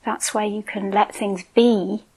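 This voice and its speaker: A woman meditation teacher giving a relaxed dharma talk, moving between reading a Buddhist fable and plain-spoken reflections. Her voice sits at a middle pitch and her delivery is informal, with small chuckling asides. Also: a little slow, breathy edge, poor audio.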